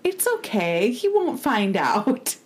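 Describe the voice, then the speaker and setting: A woman's voice: a little high, sing-song, slow, a little hiss or hum, pitched above the performer's own voice. A woman voicing a pushy teenage girl who sweet-talks a child. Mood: coaxing. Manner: wheedling, coaxing.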